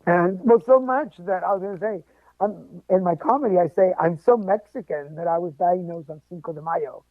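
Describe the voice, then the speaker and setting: A man telling a personal story as a podcast guest, animated and joking along the way. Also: high-pitched, moderate pace. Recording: tinny phone-like line, dry.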